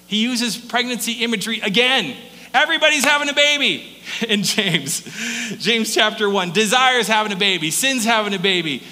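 Guy preaching a sermon, high bright voice, chatty with lots of "right?", long echo from a big hall, faint hum. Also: animated. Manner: conversational preaching, rhetorical questions, quick asides. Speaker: pastor.

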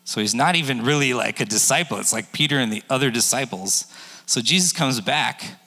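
A man's voice: mid-range voice, animated, brisk, sharp tone. A man in his forties preaching a sermon in a casual, joking way and acting out the people in his story. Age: 40s. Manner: conversational, jokey, acts out quotes. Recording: long echo of a large hall.

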